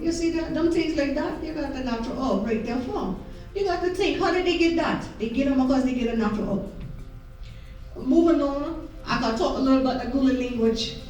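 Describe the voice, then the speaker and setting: A middle-aged woman with a strong Gullah accent speaks in a folksy way to a live audience, checking in with "you see?" again and again. Her voice sits a little high. She is picked up from across a big echoey room with faint music behind. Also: dark tone, far from the mic. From South Carolina Lowcountry. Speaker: Gullah historian and interpreter. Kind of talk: live talk to an audience with song.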